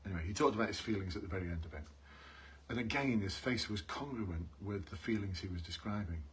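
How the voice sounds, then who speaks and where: Husky low-voiced man coaching viewers live. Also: fast talker. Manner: earnest, repeats key points, calls out to viewers. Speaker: police interview coach. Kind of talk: live-streamed coaching talk.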